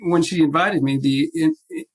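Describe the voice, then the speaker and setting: This man's voice is fairly high and gravelly with a slight roughness, at a moderate pace, heard through poor audio. He's an artist guesting on a podcast by video call, recounting a personal story casually, performing the quoted voices with lots of animation and frequent restarts.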